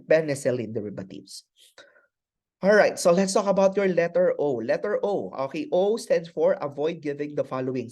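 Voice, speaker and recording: A man's voice: medium pitch, a little mellow. A man with a Filipino accent teaching a nursing pharmacology night class, switching between English and Filipino and repeating key terms as he quizzes students. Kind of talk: online class lecture.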